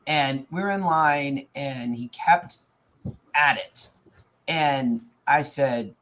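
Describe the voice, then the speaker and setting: A woman's voice: extremely low pitch, takes it slowly, a bit bright, a little hiss or hum. A woman, a mother, bluntly telling a heated story in casual chat at home, with some swearing.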